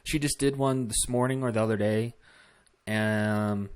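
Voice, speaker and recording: A man's voice: fairly low pitch, steady tone, measured pace, smooth. A man hosting a casual political commentary vlog, talking bluntly with swearing and rambling asides. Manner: blunt, profane, rambling with fillers.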